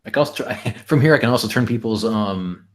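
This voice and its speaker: A man with a lowish voice talks briskly while hosting a stream. He chats casually with the group and jokes, rambling along with fillers and restarts.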